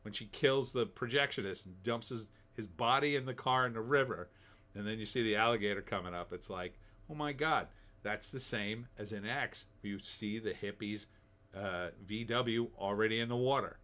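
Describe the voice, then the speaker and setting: A man's voice: fairly low pitch, moderate pace, sharp tone. A middle-aged man giving a casual, rambling spoken movie review, full of fillers and restarts. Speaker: film reviewer.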